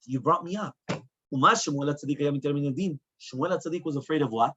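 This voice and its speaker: A rabbi gives a Talmud class in a somewhat high, husky voice. He keeps the lesson going with rhetorical questions and moves between Hebrew and English. The recording sounds dull and muffled. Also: very fast, a bit bright. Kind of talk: Talmud lecture.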